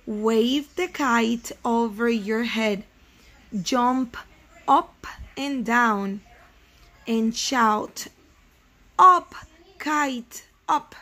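A woman's voice: on the high side, a bit bright. Woman reading as a patient storybook frog. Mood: encouraging. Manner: slow, coaxing storybook reading. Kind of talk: read-aloud character voice.

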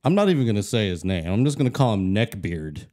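A man's voice: fairly low pitch, big pitch swings, fast talker, warm tone. A man co-hosting a casual talk show, talking in a laid-back, conversational way. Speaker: co-host.

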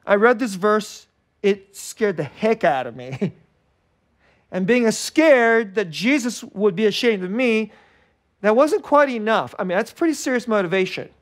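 A man delivers a sermon in a chatty, unpolished way, his fairly high voice rising on emphatic points and sinking to near-murmurs on tender ones. He laughs between phrases as he talks. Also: expressive, unhurried. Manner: conversational preaching, swinging between bright and hushed. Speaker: pastor.

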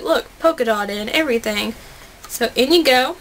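Unboxing items at home, a young vlogger gushes and chatters excitedly at a normal speed. She has a high voice, with a faint hiss of background noise.

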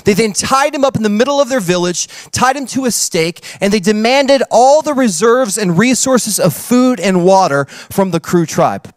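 High-voiced man telling a sermon story. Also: expressive, normal speed, hardly any pauses, no room sound. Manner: dramatic storytelling with shifting pace. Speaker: pastor.

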